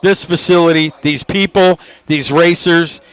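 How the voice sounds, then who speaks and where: A man in his sixties commentating live drag racing, telling folksy stories and shouting when the cars run. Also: a little high, unhurried, smooth, dry recording. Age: 60s. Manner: folksy storytelling, shouts with excitement at the action. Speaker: race commentator.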